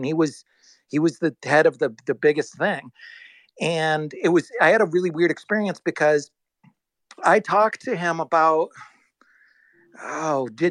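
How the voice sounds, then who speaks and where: A man in casual talk as a guest, telling a story in a rambling, animated way, full of restarts and acted-out quotes. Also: a little high, dry recording, low-quality recording. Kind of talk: casual storytelling on a live audio chat.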